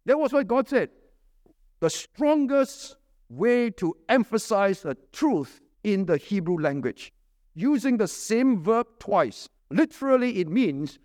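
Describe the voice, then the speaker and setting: A high-pitched man preaches with force, jumping up to stressed words and dropping low at the ends of his points. He keeps throwing rhetorical questions at his listeners. The sound is close and dry. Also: expressive, unhurried, no echo. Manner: emphatic, swings between loud high stresses and low dropped endings. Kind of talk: sermon.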